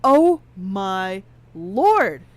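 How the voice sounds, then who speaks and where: A woman co-hosting a casual game stream, talking in an animated, rambling, opinionated way. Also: medium pitch, extremely slow, dry recording. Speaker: podcast co-host playing a game. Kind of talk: casual let's-play chat.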